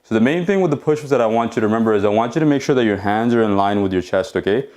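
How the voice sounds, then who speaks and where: A man's voice: lowish voice, expressive, racing, darkish tone. Male fitness instructor, home workout, supportive rep-counting coach who keeps asking "okay?". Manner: encouraging, checks in with frequent "okay?"; counts reps while exercising along.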